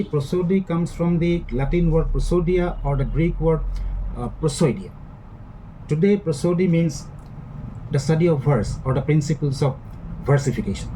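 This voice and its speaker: A man's voice: fairly high pitch, mellow, slight background noise, low-quality recording. A man teaching a recorded lecture, explaining step by step with frequent fillers and restarts.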